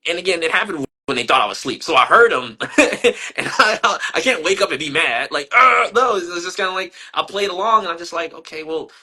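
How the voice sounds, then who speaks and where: In this interview, a young man who is an artist responds with earnest, considered answers that grow animated whenever he shares a story. His husky voice sits a little high, and he talks briskly with few pauses.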